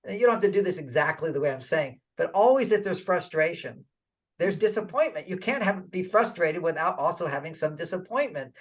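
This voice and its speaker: An older man giving relationship advice in an interview, animated and acting out little quoted dialogues. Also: fairly high pitch, brisk. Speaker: relationship author and guest.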